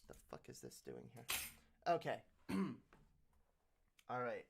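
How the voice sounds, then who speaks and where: This livestream host has a mid-range, gravelly voice that swoops wildly in pitch as he takes his time, with slight noise in the background. He swears, jokes loosely and drops "yo" everywhere while tinkering with his new desk mic and its pop filter mid-talk.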